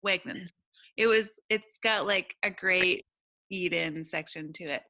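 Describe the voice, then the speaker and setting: A woman's voice: on the low side, measured pace, pushed and bright. A woman in her thirties from upstate New York, co-hosting a casual podcast chat, laughing often and rambling cheerfully. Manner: laughs often, chatty and self-deprecating. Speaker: podcast co-host.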